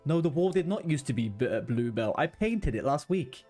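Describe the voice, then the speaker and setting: Guy streaming from his room, chatty, ranty, swears a lot, mid pitch, bit of music behind. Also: expressive, brisk, dark tone. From London, England. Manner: chatty, ranting, swears freely. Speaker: livestreamer. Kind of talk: casual chat with viewers. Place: home room with a blue wall.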